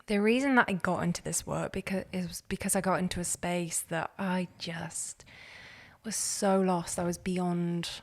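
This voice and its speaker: A woman, a podcast guest telling her own story in an earnest, animated way. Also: lowish voice, normal speed. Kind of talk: candid personal story.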